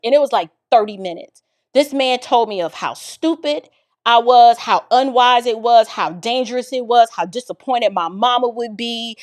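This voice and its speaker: A woman from the Bronx telling a personal story in a casual, expressive way, talking straight to her listeners. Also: a little high. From the Bronx, New York. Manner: animated and expressive, addresses listeners directly.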